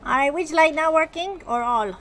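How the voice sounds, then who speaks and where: A woman voicing a stern, grumpy male gnome tech mechanic who talks in gruff, broken, clipped phrases. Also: high-pitched, normal speed, fairly bright tone, a little hiss or hum, pitched above the performer's own voice.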